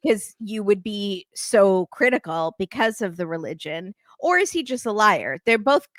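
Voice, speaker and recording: A woman's voice: mid-range voice, very animated, unhurried, fairly bright tone, dry recording, clean studio sound. A woman hosting a casual podcast who recaps a reality show, acting out the cast's lines and laughing often. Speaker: podcast host.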